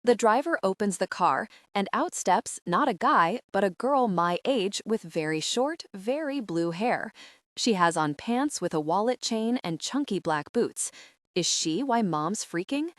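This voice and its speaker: A woman narrating a young adult audiobook in the first person, steady and even. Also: medium pitch, a little slow, no echo, studio quality.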